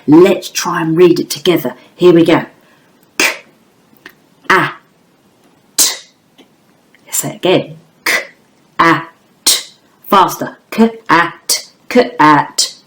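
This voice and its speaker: Slow, encouraging woman teacher. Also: fairly low pitch. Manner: slow, clear, sounding out phonemes with sing-song emphasis; encouraging, addresses children and parents directly. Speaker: phonics teacher. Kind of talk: online phonics lesson for young children.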